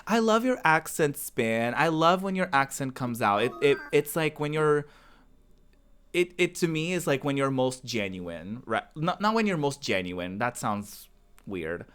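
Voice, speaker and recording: Smooth-voiced chatty male streamer. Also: mid-range voice, big pitch swings, measured pace, fairly bright tone. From American South. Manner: rambling and chatty, often restarting sentences; talks back to viewer chat as he plays. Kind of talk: casual gaming stream chat.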